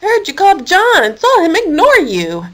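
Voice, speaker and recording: A woman's voice: very high-pitched, huge pitch swings, takes it slowly, pushed and bright, voice pushed up, heavily acted. A woman voicing an indignant, loyal male kangaroo who speaks emphatically in a storybook reading.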